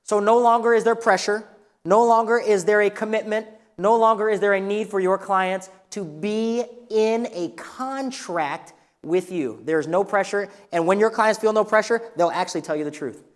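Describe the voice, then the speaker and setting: A man teaching a live real estate workshop in an energetic, coaching way, asking the room questions. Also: high voice, normal speed. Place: training room with a live audience. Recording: long reverb of a hall.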